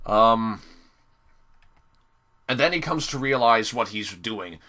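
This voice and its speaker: A young man giving a casual spoken episode review, sarcastic and exasperated, often pausing and restarting. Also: fairly low pitch, expressive, bright, forceful tone. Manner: hesitant, many fillers and restarts.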